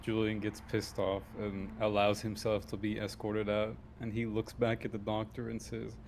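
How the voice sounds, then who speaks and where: A man's voice: on the low side, completely flat delivery, moderate pace, hardly any pauses, darkish tone, a little hiss or hum. A man playing in a tabletop role-playing game, describing his character in a laid-back way. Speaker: player.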